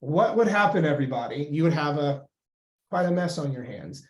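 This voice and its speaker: A man coaching on weight loss in a casual, blunt and profane way, with lively acted-out inner voices. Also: a little high, fairly quick.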